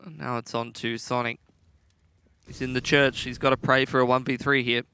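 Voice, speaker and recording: A man giving relaxed, joking analysis as color commentator in an esports broadcast. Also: medium pitch, normal speed, a little hiss or hum.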